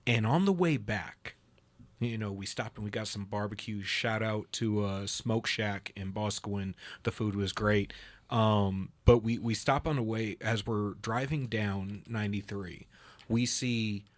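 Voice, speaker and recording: A man hosting a casual political talk show, telling stories with lively acted-out dialogue. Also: fairly low pitch, measured pace. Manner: animated storyteller, acts out dialogue in a raised voice. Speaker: host.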